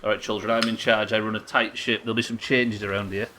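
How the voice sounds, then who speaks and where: A man's voice: fairly low pitch, level tone, quick pace, heavy background noise. A young man streaming a game live, teasing his chat with sarcastic, sweary banter. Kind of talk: live gameplay commentary and chat reading.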